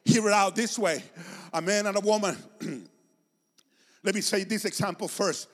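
Man, preacher, high and very lively voice, emphatic sermon delivery, long hall reverb. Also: normal speed. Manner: passionate, emphatic preaching with repeated phrases.

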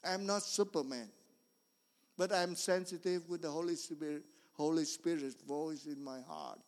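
A man preaching a sermon in earnest, repetitive, non-standard English, swinging between loud emphasis and quiet storytelling. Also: a little high, measured pace. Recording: long reverb of a large hall.

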